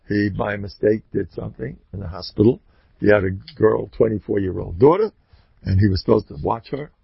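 A man giving an informal religious talk to an audience. He tells stories in an animated way, leaps up in pitch for emphasis and adds joking, self-deprecating asides. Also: gravelly, slightly rough, no room sound, dull audio. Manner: animated storytelling, jumps high in pitch for emphasis.

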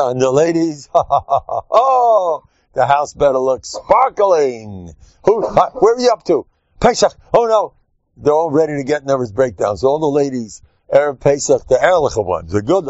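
A man giving a humorous Torah lecture as a rabbi, joking and teasing as he teaches. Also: dry recording. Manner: animated, joking, acts out quotes in squeaky voices. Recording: dull, dry lo-fi recording.

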